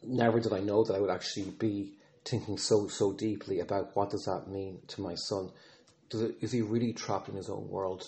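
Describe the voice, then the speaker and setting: A man speaking as a podcast host and father in an earnest, reflective monologue, often pausing, restarting and using fillers. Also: lowish voice, fairly even intonation, darkish tone.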